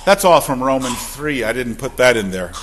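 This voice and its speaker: A man's voice: medium pitch, expressive, moderate pace, fairly bright tone, a little hiss or hum. A man preaching a sermon as a pastor, emphatic and full of rhetorical questions.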